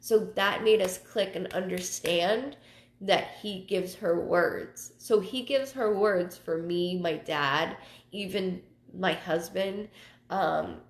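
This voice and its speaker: Gravelly low-voiced woman medium. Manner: halting, repeats words, emotional personal storytelling. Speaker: psychic medium hosting a live reading show. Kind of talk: casual livestream talk. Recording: roomy echo.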